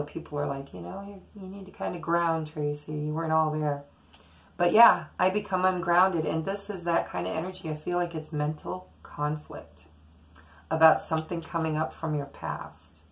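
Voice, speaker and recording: A woman with a slightly low, gravelly voice reads tarot cards for her viewers. She talks in a loose, chatty way, drifting from thought to thought as her intuitions come to her. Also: low-quality recording. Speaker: tarot reader. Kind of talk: casual daily tarot reading to camera.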